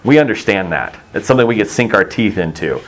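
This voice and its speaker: A man's voice: on the low side, lively intonation, fast talker. A middle-aged man from Texas preaching a sermon in a conversational, storytelling way, acting out the voices he quotes.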